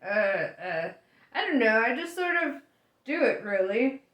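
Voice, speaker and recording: A dim-witted male alien guard from a storybook, puzzling over every thought and drawing his words out at a slow crawl, as a woman reader puts him on. His speech sits in a roomy, echoing space. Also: fairly high pitch, sing-song, fairly bright tone, dull audio. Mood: ponderous. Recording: roomy echo.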